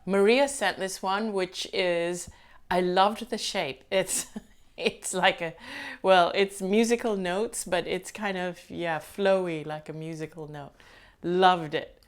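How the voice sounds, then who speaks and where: A woman's voice: lowish voice, steady tone, takes it slowly. A woman hosting her own channel, chatting casually to viewers with rambling asides and frequent laughs. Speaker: host.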